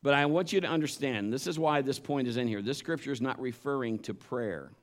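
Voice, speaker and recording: A man's voice: medium pitch, fairly quick. A man preaching a conversational sermon, earnest and emphatic, weaving scripture together with stories from his own life. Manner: earnest, emphatic, mixes scripture with personal anecdotes.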